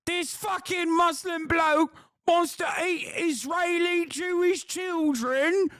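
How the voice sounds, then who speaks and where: A man mocking a tabloid writer in a shouted, slow, drawn-out rant. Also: extremely high pitch, steady tone, dry recording, studio quality, voice pushed up, heavily acted. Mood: outraged.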